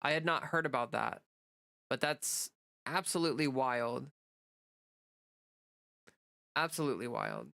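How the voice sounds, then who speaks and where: A woman hosts a casual livestream, with a bright and crisp voice. She rambles through fillers and restarts, greets viewers and reads out their comments. The room sound is dry and close. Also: extremely low pitch, sing-song, unhurried, pauses often, dry recording. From United States. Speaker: livestream host.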